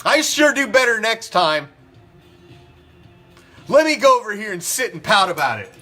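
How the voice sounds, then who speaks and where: A man's voice: sits high, very animated, moderate pace, sharp tone, soft background music, pitched above the performer's own voice, exaggerated voice. A man mocking a whiny, sulky quarterback. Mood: simpering. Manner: mocking, simpering. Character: meek whiny young male quarterback, sulky.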